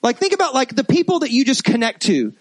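A man preaching a sermon in an animated, conversational way, often restarting his phrases. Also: extremely high pitch, fast, no echo. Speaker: pastor.

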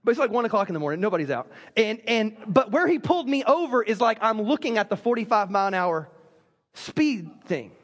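A man's voice: high-pitched, big pitch swings, fairly quick. A man preaching a sermon as pastor, telling stories with joking asides. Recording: long reverb of a large hall.

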